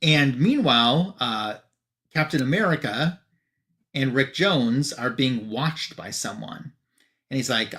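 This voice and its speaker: A man's voice: medium pitch, fairly bright tone. A chatty man retelling a comic. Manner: chatty, with loose fillers and quick asides. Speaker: comic book reviewer. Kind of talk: casual retelling of a comic issue.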